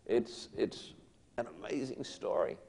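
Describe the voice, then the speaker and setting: A man preaching a sermon, retelling a Bible story dramatically, dropping to a hush and then rising loud again. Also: medium pitch, expressive, unhurried, gravelly.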